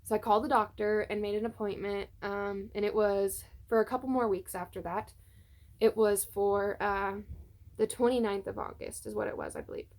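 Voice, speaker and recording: A woman's voice: mid-range voice, steady tone, normal speed, darkish tone. A young woman chatting casually to her phone camera at home, telling a personal story with many fillers. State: tearful at times. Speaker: vlogger. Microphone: phone on a tripod.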